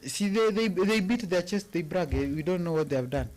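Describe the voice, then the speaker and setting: A man's voice: sits high, lively intonation, brisk, darkish tone. A man with a Kenyan accent co-hosting a casual live-stream chat, musing and repeating phrases for emphasis while mixing in Swahili. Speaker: co-host.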